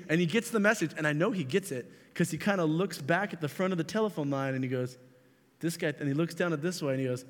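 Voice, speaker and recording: A young man giving a youth sermon, telling funny stories and speaking directly to his listeners in an animated way. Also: on the high side, fast talker. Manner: animated, jokey storyteller who addresses the audience directly. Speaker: youth pastor. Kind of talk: youth sermon with comic storytelling. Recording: reverberant hall.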